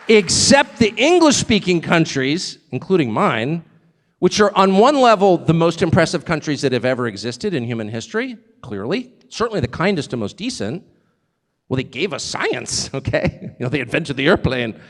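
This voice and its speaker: A man's voice: fairly high pitch, a bit bright, long reverb tail. A man giving a live stage speech, emphatic and joking, often drifting off on digressions. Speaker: guest speaker at a live event.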